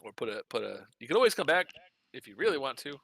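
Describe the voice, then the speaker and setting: A man's voice: medium pitch, very animated, quick pace, gravelly, fairly bright tone, no echo. A man narrating as game master in a casual, laughing way. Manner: casual, laughs often, many restarts.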